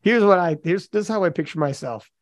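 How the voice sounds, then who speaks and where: Man, podcast co-host, swinging expressive pitch, dry close sound, swears a lot. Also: quick pace, dry recording. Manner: animated, profane storyteller. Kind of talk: casual podcast chat.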